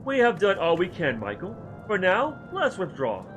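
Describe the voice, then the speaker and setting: A man voicing a calm, solemn young male scholar mage in a video game, speaking in a measured, formal way. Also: sits high, faint music behind, exaggerated voice, poor audio.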